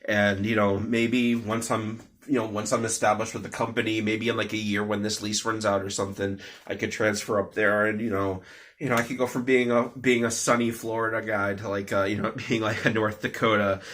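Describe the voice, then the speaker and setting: Young man, bright tone, rambling, lots of fillers, casual vlog update. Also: on the low side, level tone, fairly quick. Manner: rambling, many fillers and restarts. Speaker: vlogger. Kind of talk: off-the-cuff personal update.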